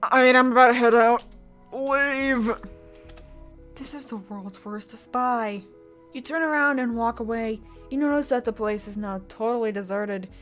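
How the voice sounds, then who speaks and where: A young woman streams a text adventure, reading the story aloud at a moderate pace. She breaks in with sudden loud, high-pitched outbursts and swearing, while soft music plays in the background.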